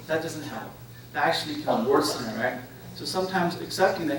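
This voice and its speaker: A man's voice: on the high side, lively intonation, fairly quick, a crowd in the background. A man giving a conference talk to an audience, telling stories and often checking in with "right?" and "okay?". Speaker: conference speaker. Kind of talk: interactive lecture to an audience. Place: conference room. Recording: echoey room, distant mic, faint noise.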